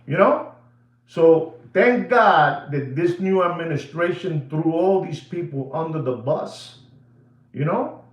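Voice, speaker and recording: A man who hosts a watch seller livestream delivers an animated, emphatic rant, repeating himself and slipping into Spanish phrases. His voice is a little high, and the audio is dull with a roomy sound.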